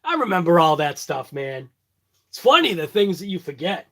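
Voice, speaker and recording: A man's voice: a little high, very animated, moderate pace, fairly bright tone. A man with a thick Boston accent rambling through a jokey morning check-in to his phone camera. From Boston area. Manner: rambling, jokey, self-mocking. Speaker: vlogger. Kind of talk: casual morning check-in chat.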